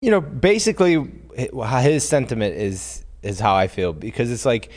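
A man's voice: medium pitch, lively intonation, moderate pace, a little mellow. A male co-host in casual chat, hesitant and thinking aloud as he talks.

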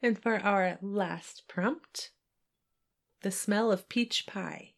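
An upbeat woman co-hosting a writing podcast, laying out each step in plain words. Her voice sits at a middle pitch for a woman. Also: very slow, vocal fry. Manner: upbeat, explains steps plainly. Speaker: podcast co-host. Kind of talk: casual chat and reading a short story aloud.

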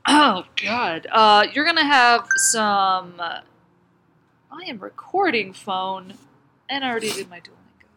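A woman's voice: medium pitch, expressive, unhurried, noisy background. A woman co-hosting a casual podcast, introducing bands in a rambling, giggly way and swearing casually. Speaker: podcast co-host presenting bands. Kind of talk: casual chat.

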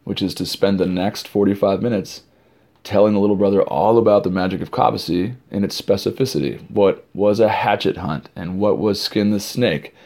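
Man, low voice, middle-aged, camp director, informal podcast storytelling, animated. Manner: animated storyteller, acting out crowd shouts.

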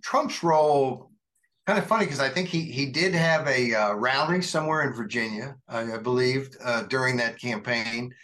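A man's voice: mid-range voice, moderate pace, fairly bright tone. A man in casual political discussion, talking in a meandering way with frequent fillers.

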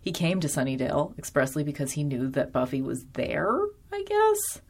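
Woman, low voice, casual recap host, rambling and wry, lots of filler words. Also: wildly swooping pitch, moderate pace, a little mellow. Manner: chatty, frequent ums and likes, wry asides. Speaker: episode reviewer.

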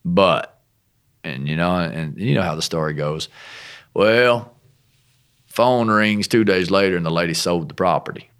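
Deep, gravelly-voiced middle-aged man telling stories. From United States. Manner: animated storyteller, self-deprecating humor, acts out dialogue. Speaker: missionary guest. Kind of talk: casual storytelling testimony.

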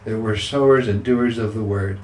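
A man's voice: lowish voice, steady tone, normal speed, a little mellow, a little hiss or hum. A man preaching a sermon as pastor, emphatic and repeating scripture declarations. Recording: roomy sound with faint ambience.

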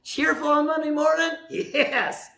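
Animated preacher in a roomy hall. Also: male voice, very high-pitched, unhurried, vocal fry. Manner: animated, jokey preaching with acted-out voices. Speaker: pastor. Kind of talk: sermon.

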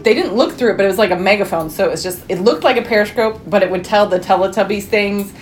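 A woman's voice: medium pitch, fast, a little hiss or hum. A woman co-hosting a movie podcast, cracking jokes and laughing as she talks. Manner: jokey, laughs between lines. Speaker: podcast co-host. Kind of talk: casual movie chat.

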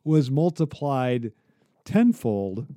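Dark, dry-voiced man in casual chat. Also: medium pitch, very animated, drawn-out words, no echo. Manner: brief agreeing backchannels, academic word choice. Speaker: podcast co-host.

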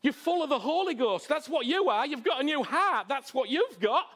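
A male preacher with a high-pitched voice delivers a sermon. He swings between loud, fervent exhortation and soft, intimate asides to the congregation. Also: big pitch swings, moderate pace.

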